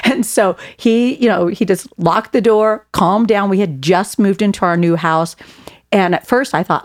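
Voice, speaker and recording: A woman's voice: medium pitch, moderate pace, no room sound, studio quality. A middle-aged woman, a guest author and speaker, telling stories in casual conversation and laughing at herself now and then. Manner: animated storyteller, laughs at herself.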